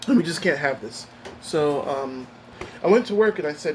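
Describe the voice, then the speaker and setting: Rambling, upset man with a higher voice. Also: expressive, moderate pace, a little hiss or hum, poor audio. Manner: rambling, upset retelling with many restarts. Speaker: vlogger. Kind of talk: casual personal storytelling.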